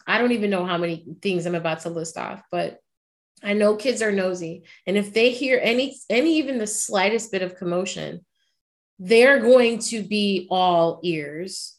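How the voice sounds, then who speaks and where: A woman co-hosts a podcast in casual chat, speaking at an unhurried, deliberate pace. She is emphatic and insistent, hammering her points home by saying them twice. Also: mid-range voice, expressive. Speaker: podcast co-host.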